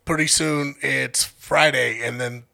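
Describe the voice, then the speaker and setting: A young man from Denver telling a profane, animated story in casual podcast chat and acting out the quotes. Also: medium pitch, slow pace, vocal fry. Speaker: podcast co-host.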